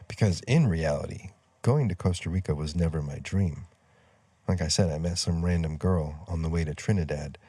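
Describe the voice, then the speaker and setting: Deep-voiced rambling storyteller man. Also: moderate pace, dark tone, no echo. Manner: rambling, loses his train of thought, many fillers. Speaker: storyteller vlogger. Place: outdoors near trees.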